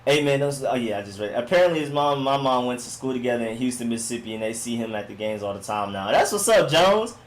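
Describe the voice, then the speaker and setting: A laid-back man hosts a sports live stream, chatting casually with his viewers. He rambles from one comment to the next in relaxed slang and keeps checking in with a "you know what I'm saying". His voice sits at an ordinary middle pitch. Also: fast, few pauses.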